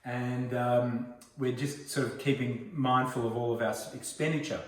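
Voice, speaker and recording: A man's voice: mid-range voice, steady tone, normal speed. A man in his forties with an Australian accent, chatting casually as he hosts a home cooking video and tells rambling stories. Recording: roomy echo, mic far off.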